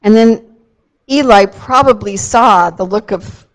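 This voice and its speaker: A woman telling a Bible story to a child, gentle and slow with dramatic emphasis on key moments. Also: mid-range voice, poor audio.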